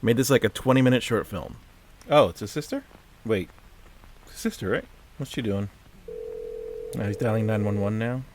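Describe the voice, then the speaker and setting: A man's voice: lowish voice, moderate pace, pauses often, slight background noise. A man giving casual reaction commentary on a film. He sounds puzzled and exasperated, asks question after question, and often trails off and restarts his sentences.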